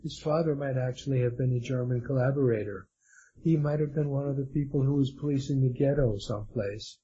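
A man's voice: medium pitch, fairly quick, warm tone, husky. A man answering as the guest of an interview, hesitant and stumbling through his answers with many fillers. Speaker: guest author. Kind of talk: conversational interview. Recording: dull lo-fi sound with faint noise.

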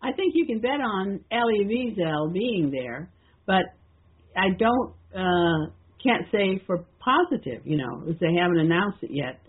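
An older woman hosting a call-in radio talk, rambling and halting with many restarts and fillers. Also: mid-range voice, sing-song, breathy edge. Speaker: radio show host. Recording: tinny phone-line sound.

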